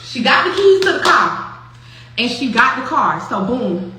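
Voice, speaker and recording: A young woman with a high, bright voice telling a story casually, swearing freely and breaking into laughter. The sound is very echoey, as if from a bare room, with faint background noise. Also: moderate pace. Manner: animated, profane, laughs often. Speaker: host.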